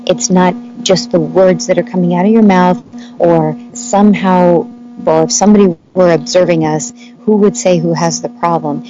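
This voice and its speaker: A woman guest speaks in a gentle, earnest way in a casual talk. Her voice is mellow and slightly low. The sound is dull and lo-fi, with faint music underneath. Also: steady tone, normal speed. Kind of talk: casual chat about relationships.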